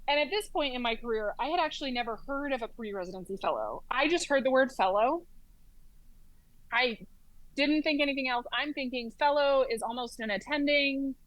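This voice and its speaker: A woman working as a flight nurse practitioner, telling stories as an interview guest in a lively way, with lots of "like" and "um". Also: high-pitched, fairly quick, dry recording, poor audio. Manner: lively storyteller, heavy use of "like" and "um". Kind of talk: casual storytelling in an interview.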